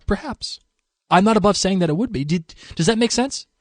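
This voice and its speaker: A man from Massachusetts with a Boston accent, co-hosting a podcast and reading listener mail in a rambling, animated way with many restarts. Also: high-pitched, a little fast, dry recording, clean studio sound. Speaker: podcast co-host.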